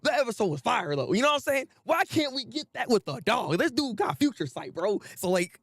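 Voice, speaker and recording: A man's voice: extremely high pitch, a little fast, creaky, slightly rough, no echo, studio quality. A man hosting a casual anime commentary, ranting animatedly with frequent laughs and repeated phrases. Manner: animated, repetitive, laughs often, swears casually.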